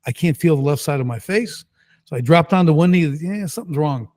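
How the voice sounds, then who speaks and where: A middle-aged man, a podcast guest, telling his story in a casual, lively and emphatic way. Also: on the high side, a little fast. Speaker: guest entrepreneur.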